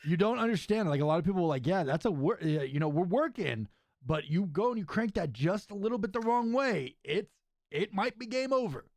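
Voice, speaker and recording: This young wrestler and podcast host has a high-pitched voice and talks fairly quickly as he animatedly tells a story. Casual and chatty, he leans on "right?" and "dude" again and again. There's no echo in the audio.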